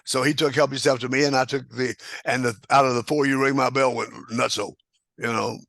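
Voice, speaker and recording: A man's voice: mid-range voice, fairly even intonation, brisk, vocal fry, fairly bright tone, dry recording. An older man, a guest telling rambling anecdotes with chuckles and restarts. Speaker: guest square dance caller. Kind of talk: casual storytelling interview.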